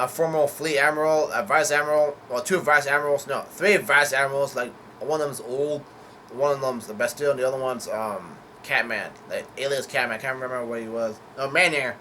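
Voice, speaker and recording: This man's medium-pitched voice sounds pushed and bright, with a little hiss or hum in the background. He's casually reading through a manga chapter and summarizing it, hesitating often, filling gaps with fillers and correcting himself.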